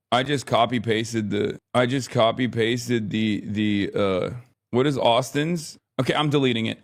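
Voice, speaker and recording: A man's voice: medium pitch, moderate pace. A man in his thirties chatting casually on a live stream, rambling, often exasperated, swearing now and then.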